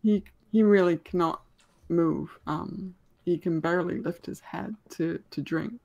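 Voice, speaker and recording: A woman's voice: on the low side, measured pace, gravelly, a little mellow. A woman running a tabletop game as game master, narrating scenes in a hesitant way with many ums.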